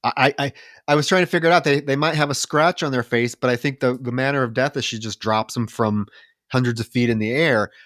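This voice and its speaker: Fast and fairly bright in tone, a medium-pitched man co-hosts a podcast with studio-quality audio and no room sound. He's exasperated and swears freely in this casual movie-review chat, griping about the film and mocking its scenes in retellings.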